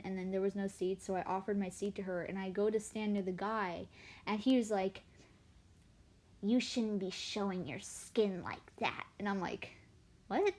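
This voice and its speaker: A young woman in her late teens, chatting casually while drawing on a livestream, rambling and self-deprecating as she tells stories. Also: mid-range voice. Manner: chatty and animated, voice swinging up and down. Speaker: artist livestreamer.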